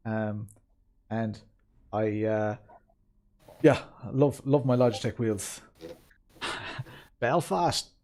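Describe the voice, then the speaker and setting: A man's voice: on the low side, fairly even intonation, takes it slowly, long pauses, dark tone. An Irish man chatting casually with viewers during a racing game stream, rambling with lots of ums and asides. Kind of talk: casual live-stream chat. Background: faint background music.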